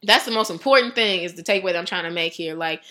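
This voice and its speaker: A woman giving a casual devotional talk, chatty and animated, laughing often and saying "like" a lot. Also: on the low side, fast. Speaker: devotional speaker.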